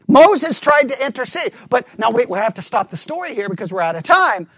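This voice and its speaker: Guy preaching a sermon, pretty high voice, dry close sound, keeps asking the crowd questions. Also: lively intonation, brisk, hardly any pauses, bright, forceful tone, slightly rough, dry recording. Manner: emphatic, asks the congregation rhetorical questions.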